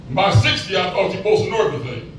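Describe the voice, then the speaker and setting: A pastor in his sixties preaches a folksy sermon in church, calling out to the congregation in call-and-response style. His high voice swings widely in pitch and comes rapid-fire. It's recorded from far off in an echoey church, with music and a noisy background.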